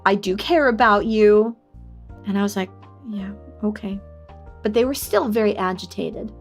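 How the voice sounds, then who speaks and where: Candid young woman streamer, faint music. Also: normal speed. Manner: candid and confiding, bursts into high excited squeals at chat. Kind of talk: casual livestream chat, telling a personal story.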